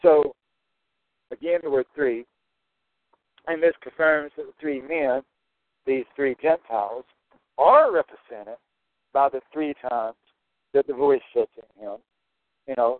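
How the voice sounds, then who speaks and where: A man's voice: medium pitch, measured pace, pauses often, no echo. A man teaching through a Bible passage verse by verse, stressing and repeating his key points. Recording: tinny phone-like dry sound.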